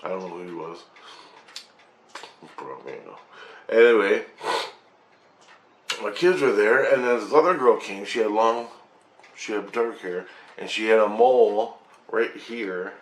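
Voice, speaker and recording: Low-voiced man rambling through a story. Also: measured pace, pauses often, echoey room. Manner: rambling and excited, with frequent swearing and restarts. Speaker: vlogger recounting a spiritual experience.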